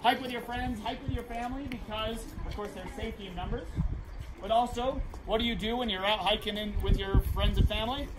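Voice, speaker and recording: A man working as a park ranger, giving a lively outdoor talk to a crowd and leading them in call-and-response. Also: high-pitched, fairly quick. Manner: projecting, upbeat, leads call-and-response. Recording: distant outdoor voice, loud background noise.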